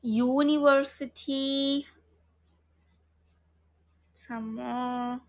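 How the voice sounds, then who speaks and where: A woman's voice: high voice, steady tone, very slow. A woman teaching an online phonics lesson, repeating letter sounds and prompting her students. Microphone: online class, video call.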